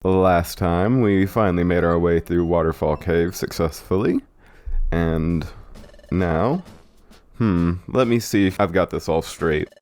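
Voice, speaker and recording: A man hosting a video game let's play, commenting in a relaxed, musing way. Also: sits low, measured pace.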